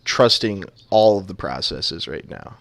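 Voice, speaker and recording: A man's voice: low voice, animated, a little slow, creaky, a bit bright, no echo. A man casting a video game match live, trading playful jokes with his co-caster. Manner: joking, playful banter. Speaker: esports caster.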